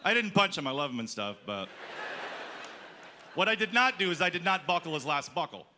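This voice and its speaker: A man's voice: a little high, big pitch swings, a little fast. A man doing a stand-up comedy set on a festival stage, telling a story and acting out the lines of the people in it. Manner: storytelling, acts out quoted lines. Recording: live club with crowd and noise. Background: audience laughing.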